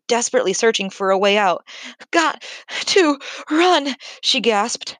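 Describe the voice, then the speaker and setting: A woman narrating a children's book in a measured, clear storytelling manner. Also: medium pitch, a bit bright, dry recording. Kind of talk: scripted audiobook narration.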